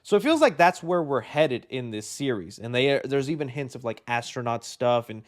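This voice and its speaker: A man hosting a casual film chat, excited and rambling, with many fillers and restarts. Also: mid-range voice, moderate pace. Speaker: film commentary host.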